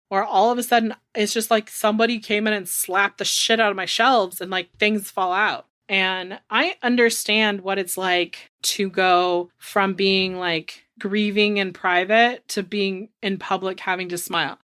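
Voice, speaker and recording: A woman's voice: medium pitch, fairly bright tone, no echo. A woman in her thirties, co-hosting a podcast in casual chat, frank and chatty, with lots of swearing and "like". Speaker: podcast co-host.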